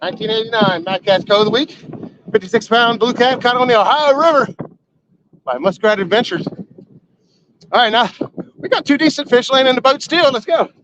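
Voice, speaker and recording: A high-voiced man chats casually to his live audience from a fishing boat on the river. He is folksy and excitable, quick to whoop. The sound is dull and lo-fi, with a faint hum of boat and water behind him. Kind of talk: casual live-stream chat. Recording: lo-fi outdoor stream with boat noise.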